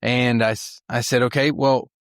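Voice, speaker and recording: A man's voice: mid-range voice, level tone, moderate pace, dry recording, clean studio sound. A middle-aged man from Western Oklahoma giving a church mission talk, telling his story in a folksy, earnest way with fillers and restarts. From Western Oklahoma, USA. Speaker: missionary speaker.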